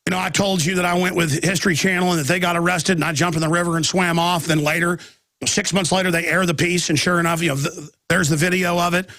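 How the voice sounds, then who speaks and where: Gravelly talk radio host with a cold. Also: male voice, sits high, steady tone, fast, bright, forceful tone, no echo, studio quality. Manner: rambling, agitated, many restarts. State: chest cold with coughing.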